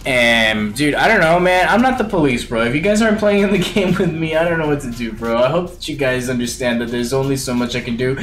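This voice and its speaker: A young man streaming a video game live, chatting excitably to viewers in slang and calling everyone bro. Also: medium pitch, fairly quick, hardly any pauses, slight background noise. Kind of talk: live gameplay commentary.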